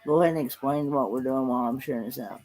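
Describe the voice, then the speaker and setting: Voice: medium pitch, fast, a little mellow. A live-stream host chatting casually, greeting viewers by name with many hesitant fillers.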